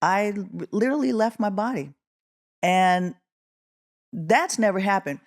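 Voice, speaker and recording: A middle-aged woman from Oakland, California, a guest musician telling a story in an interview, acting out the quotes with a rising voice. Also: a little slow. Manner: animated, acts out quotes with rising pitch.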